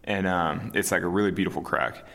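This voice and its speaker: A man in his thirties, an interview guest talking casually and calmly, with many fillers and restarts. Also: sits low, fairly quick, creaky. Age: 30s. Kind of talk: casual conversation.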